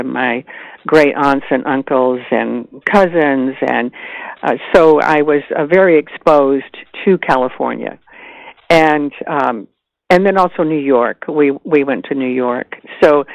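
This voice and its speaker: Older southern-raised actress lady, chatty and animated, restarts a lot, dry close mic. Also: deep voice, no room sound, poor audio. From American South. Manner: animated, chatty, laughs easily, many restarts. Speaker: actress guest. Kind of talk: casual interview chat.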